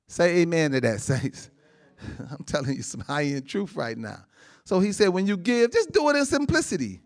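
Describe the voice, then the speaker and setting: Man, pastor, sermon, fairly high voice, laughing, loud bursts and soft asides. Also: very animated, moderate pace. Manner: laughs often between lines, asks the congregation for amens.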